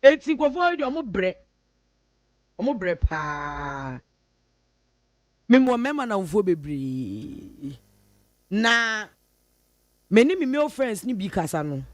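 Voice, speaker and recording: Animated Ghanaian woman radio host. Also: medium pitch, slow pace, pauses often, no echo. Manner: animated, playfully mimics friends' voices. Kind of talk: casual radio talk mixing English and Twi. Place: radio studio.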